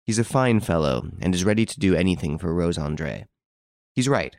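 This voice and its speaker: A man reading an audiobook, voicing a suave gentleman adventurer who speaks with calm assurance. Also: sits low, a little fast, vocal fry, no room sound, studio quality, heavily acted. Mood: tender.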